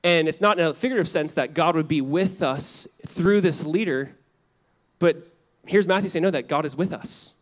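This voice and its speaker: A man preaching a sermon as pastor, animated and conversational, switching between loud emphatic lines and hushed ones, with casual fillers and wry asides. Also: fairly high pitch, normal speed.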